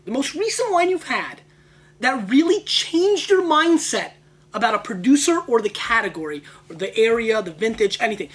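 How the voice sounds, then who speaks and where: A man hosting a casual wine tasting video, brash and excitable, veering off into rambling tangents. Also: high-pitched, a little hiss or hum. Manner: brash and emphatic. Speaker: wine show host.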